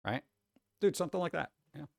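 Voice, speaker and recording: A man's voice: on the high side, lively intonation, a little fast, gravelly, no echo. A man chatting casually on a live stream, rambling and swearing as he reacts to posts, with frequent restarts. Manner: loose, profane, rambling with restarts.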